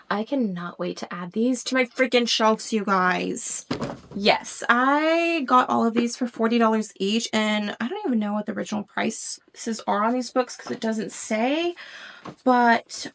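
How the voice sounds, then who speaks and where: A bubbly woman, talking casually about her book haul in a fairly high voice. She gushes over each find and sometimes sinks to an excited whisper. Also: a little slow. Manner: gushing, excitable, drops into whispers. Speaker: book vlogger.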